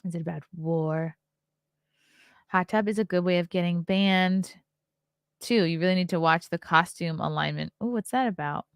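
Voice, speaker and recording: A woman's voice: fairly low pitch, normal speed, clean tone, dry recording, clean studio sound. A woman in her thirties, a comedian hosting a casual livestream show, who reads viewer comments aloud and chats back. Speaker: podcast host and comedian.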